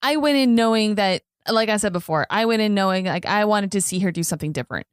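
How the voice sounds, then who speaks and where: A woman's voice: medium pitch, quick pace, smooth, no room sound, clean studio sound. A woman guest on a movie podcast, chatting casually and often restarting her sentences. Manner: chatty, hesitant, trailing restarts.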